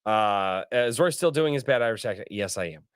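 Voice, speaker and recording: A man's voice: fairly low pitch, fairly quick, smooth, dry recording, clean studio sound. A man hosting a tabletop game stream, chatting casually and joking with the players. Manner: animated, joking, swearing. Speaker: host and player.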